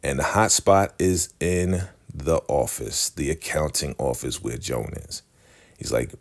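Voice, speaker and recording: A man's voice: rumbling low, moderate pace. A man casually recapping a TV episode, animatedly acting out the characters' lines. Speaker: TV recap vlogger.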